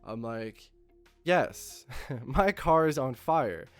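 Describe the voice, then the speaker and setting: A man hosting his channel, telling a casual anecdote with constant swearing and lively acting out of his own lines. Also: medium pitch, extremely slow, clean tone, no echo, soft background music. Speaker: channel host.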